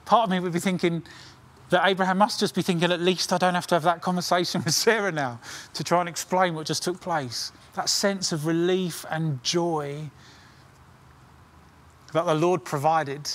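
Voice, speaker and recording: A middle-aged man preaching a sermon with earnest intensity, dropping his voice low on key lines. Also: fairly even intonation, a bit bright. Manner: earnest, dramatic pauses, drops to near whisper on key lines.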